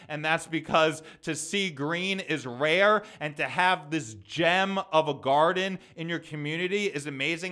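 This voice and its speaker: A young man with a fairly high, bright voice, hosting his own podcast. He talks in a casual, heated rant and swears freely as he vents. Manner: heated, ranting, profane. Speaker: podcast host and comedian.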